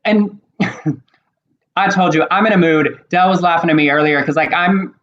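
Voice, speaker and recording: A man from Texas co-hosting a casual chat, talking fast in a snippy, argumentative way. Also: a little high, a bit bright. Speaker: co-host. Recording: dull lo-fi audio.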